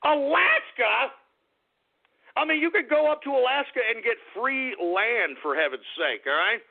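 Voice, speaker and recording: Man, political commentary host, exasperated sarcastic rant, gravelly voice, phone-quality audio. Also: extremely high pitch, animated, moderate pace. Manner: exasperated, sarcastic, mocking asides. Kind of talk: ranting commentary. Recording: tinny phone-like line.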